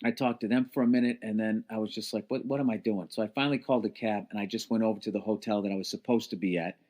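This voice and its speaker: A man's voice: lowish voice, steady tone, racing, a little mellow. A man hosting his podcast, telling a long profane story in a rambling, exasperated way, tired and worn out. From United States. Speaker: podcast host. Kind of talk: casual storytelling monologue. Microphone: podcast mic at a laptop.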